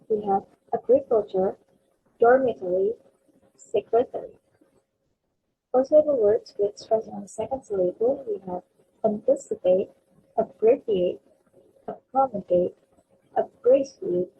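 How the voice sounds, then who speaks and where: A young woman student presenting a pronunciation lesson, reading example words slowly and carefully. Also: extremely high pitch, vocal fry. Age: young adult. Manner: slow, careful reading of word lists. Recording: slightly dull lo-fi recording.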